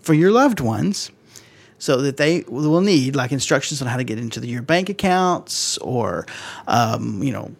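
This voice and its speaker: A man's voice: medium pitch, lively intonation, a little slow, gravelly, slightly rough. A man co-hosting a podcast in casual chat, rambling and playful. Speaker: podcast co-host.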